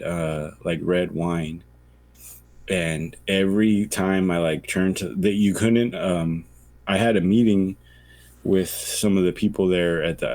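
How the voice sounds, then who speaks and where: A man's voice: sits low, a little mellow, dry recording. A man co-hosting a podcast, telling a long story in casual chat, acting out quoted voices and swearing freely. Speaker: podcast co-host.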